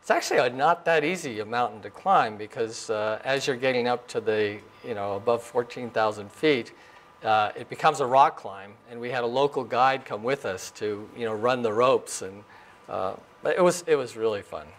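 An older man in his sixties tells stories from his career at a mid-pitched voice. He speaks in a loose, chatty way, with plenty of "uh" and "you know" and a little laugh now and then. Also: moderate pace. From Arizona, US. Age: 60s. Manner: relaxed storytelling with fillers and chuckles. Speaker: astrophysicist giving a lecture. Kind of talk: informal lecture. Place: lecture room.

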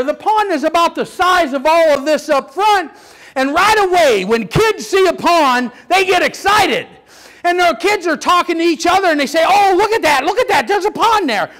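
An older man preaching a sermon, telling stories with lively energy and sudden shouts. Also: very high voice, normal speed. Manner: animated storytelling, acts out children's voices, bursts into shouts. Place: church sanctuary.

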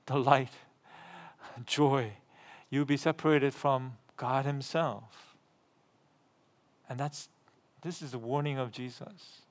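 In this sermon, a middle-aged pastor speaks at a mid-range pitch with strong emphasis, often repeating himself. He asks his congregation rhetorical questions and rises in volume and pitch while reading passages of scripture.

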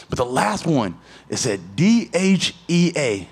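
A man in his thirties, a fighter at a media day interview, telling stories in a loose, profane way with lively voiced asides. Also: medium pitch, slow pace, husky.

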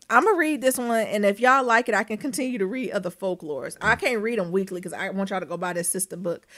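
A woman with a piercing voice, co-hosting a podcast in casual, animated chat and reading folklore aloud. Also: medium pitch. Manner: quick, animated, laughs often. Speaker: podcast co-host.

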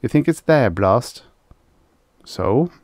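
A man's voice: medium pitch, expressive, takes it slowly, a little mellow, dry recording, studio quality, voice pushed up. A man voicing an anxious young male hunter on an alien world, arguing in a tense, urgent way. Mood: worried. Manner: anxious, argumentative.

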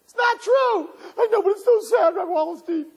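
A man voicing a young woman who sobs dramatically over a sad movie, in a high wailing voice. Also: fairly quick, creaky, shouting, long reverb tail. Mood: sobbing. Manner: high wailing, exaggerated sobbing.

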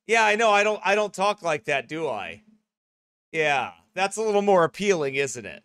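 A man's voice: high-pitched, big pitch swings, moderate pace, clear, resonant tone, no room sound, studio quality. A male pastor preaching a fiery, mocking sermon. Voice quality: loud, mocking, emphatic.

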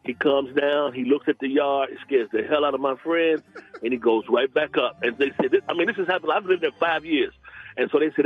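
A man's voice: a little high, lively intonation, slightly rough, muffled recording. A man calling in to a radio show, telling a story in a rambling way that repeats itself. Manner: fast, rambling, repeats himself. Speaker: caller. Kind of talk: casual storytelling on a call-in show.

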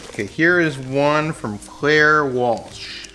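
A man's voice: on the high side, slow, bright, forceful tone, soft background music. A man co-hosting a casual unboxing chat, easygoing and chatty, chuckling along. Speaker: co-host.

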